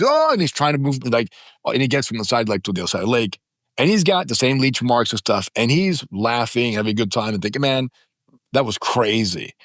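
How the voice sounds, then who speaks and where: A man in his fifties, guesting on a podcast, speaks in a mid-range voice with clean studio sound and no room sound. In animated conversation he tells stories emphatically, dramatizing them by voicing the people involved.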